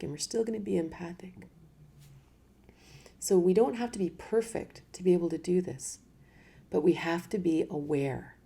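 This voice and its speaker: A middle-aged woman with a low, gravelly voice gives a relaxed spoken talk. She is animated and laughs often, slipping into little voices to act out her thoughts. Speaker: spiritual teacher giving a live talk.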